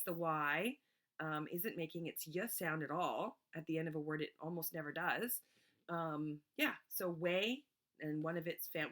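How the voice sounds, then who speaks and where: A woman teacher giving a remote reading lesson to young children, patiently sounding words out slowly letter by letter. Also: low voice, pushed and bright.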